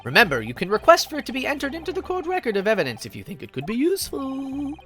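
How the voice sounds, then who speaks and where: A woman playing a handsome young male lawyer, calm, lowered voice, game read-along, lively pitch. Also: fast talker, faint music behind, heavily acted. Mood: explaining.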